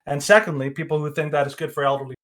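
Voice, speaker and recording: A man's voice: on the high side, fairly even intonation, rapid-fire, fairly bright tone. A man co-hosting a casual podcast, rambling with restarts and frequent laughs. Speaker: podcast co-host.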